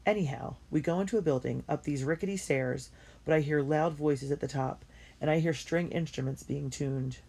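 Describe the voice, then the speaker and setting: A woman reading a first-person diary story aloud in an earnest and expressive way. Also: sits low, normal speed, breathy edge. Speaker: audiobook reader.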